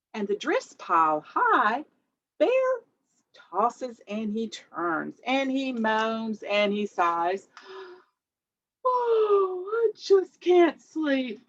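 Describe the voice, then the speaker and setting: Brief: woman librarian, kids' storytime, slow and animated, bouncy pitch, dull lo-fi audio. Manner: animated, sing-song, gasps for effect. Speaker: children's librarian, storytime host. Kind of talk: children's storytime read-aloud.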